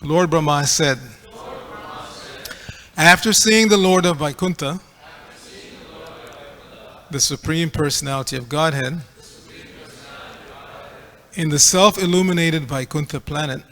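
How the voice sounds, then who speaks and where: A man's voice: a little high, unhurried, long pauses, a bit bright, long reverb tail. A man giving a scripture class, reading aloud and correcting pronunciation in a teacherly way. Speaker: class speaker. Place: temple hall.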